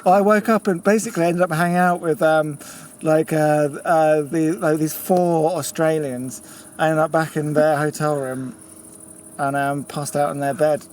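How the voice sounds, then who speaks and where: An English man with a high voice tells a rowdy story with plenty of laughter, sounding drunk. He is outdoors in a car park at night, with a faint hiss of noise behind him. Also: fairly even intonation, normal speed, a little mellow. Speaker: band member.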